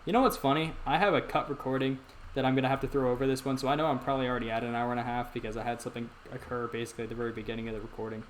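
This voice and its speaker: Over a slight hiss or hum, a medium-pitched young male gaming channel host offers rambling, casual commentary as he plays. He addresses his viewers directly and frequently restarts what he's saying.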